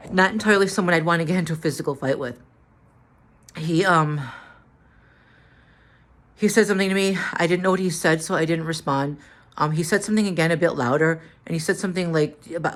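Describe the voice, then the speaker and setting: Woman, deep-pitched voice, tired, stammering restarts, casual vlog storytelling. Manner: halting, many repeated words and restarts. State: tired, mentally drained. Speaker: vlogger.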